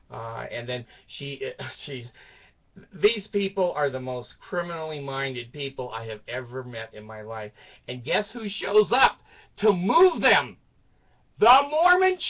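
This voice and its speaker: An older man telling a rambling personal story to his channel, laughing at his own jokes and swinging between loud outbursts and mutters. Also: medium pitch, muffled recording. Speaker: video channel host.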